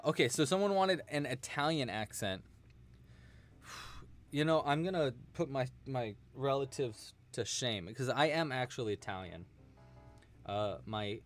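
A man's voice: lowish voice, slight background noise. A man hosting a live crochet stream, chatting casually and explaining stitches with many fillers.

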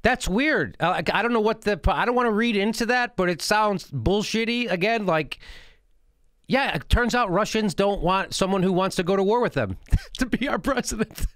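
Middle-aged guy ranting on his political show, high voice that jumps all over, mocking and swearing. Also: lively intonation, moderate pace, a bit bright, no room sound, clean studio sound. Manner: indignant, mocking, profane. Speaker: host. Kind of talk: political commentary rant.

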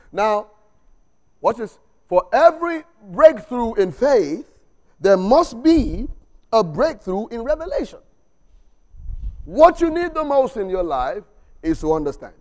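A man preaching a sermon in church, exhorting with call-and-response, repeated refrains and humorous asides. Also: sits high. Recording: long reverb of a church hall.

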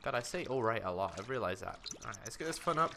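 With game music playing and a noisy background, a young gaming commentator casually chats to his character in a life-simulation let's-play. He sounds medium in pitch, animated, fast, and creaky.

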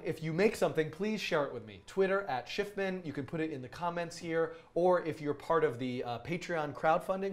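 Man, raised-pitch voice, loose and enthusiastic live-stream teacher, lots of restarts. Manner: rambling, enthusiastic, many ums and restarts.

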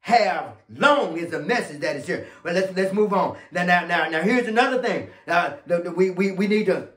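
A pastor preaching a fiery sermon, swinging from shouting to low murmurs. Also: male voice, animated, moderate pace, hardly any pauses, roomy sound. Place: church sanctuary.

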